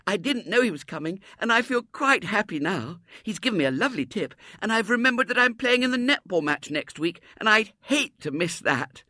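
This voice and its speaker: A man voicing a sweet, chatty little girl who speaks high and eagerly. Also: sing-song, fairly quick, few pauses, bright, forceful tone, no room sound, clean studio sound, exaggerated voice. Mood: happy.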